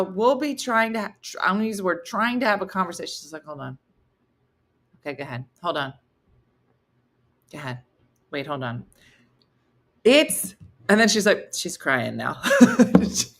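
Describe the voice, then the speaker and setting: A woman's voice: lowish voice, normal speed, bright, forceful tone. A middle-aged woman hosting a live morning comedy stream, chatty and laughing as she reads viewer comments aloud.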